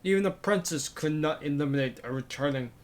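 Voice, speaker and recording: A man's voice: on the high side, a little fast, lightly acted. A man voicing Nero Chaos, a sneering vampire monster. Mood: stunned. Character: menacing male vampire monster, cold and sneering.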